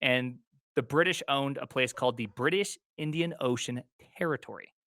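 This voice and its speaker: Man, podcast co-host, casual tech talk, excitable, stumbling restarts, bright tone, dry close sound. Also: medium pitch, no echo. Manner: excitable, talks in quick restarts.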